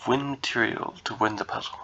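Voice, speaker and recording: A man's voice: medium pitch, steady tone, a little fast, bright, forceful tone, dull audio, a little hiss or hum. A man giving casual think-aloud commentary while solving puzzles, muttering to himself, hesitant and self-correcting. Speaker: chess content creator.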